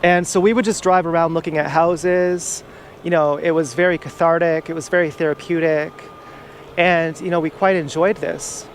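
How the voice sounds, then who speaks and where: A man's voice: a little high, steady tone, normal speed. A man telling a personal story outdoors in a rambling, confessional way, swearing freely. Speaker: vlogger. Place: outdoors in a town, walking around. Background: faint urban traffic.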